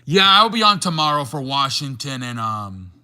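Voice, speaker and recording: Bright young man chatting on a live stream. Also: medium pitch, big pitch swings, normal speed. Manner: rambling, restarts, reads chat aloud. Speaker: sports show host. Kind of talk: casual live-stream chat with viewers.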